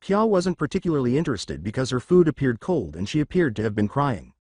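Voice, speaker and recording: A man narrating a fan-written story in a steady, scripted read. His pitch moves a lot from line to line. The sound is dry, with no room echo. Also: a little fast, husky.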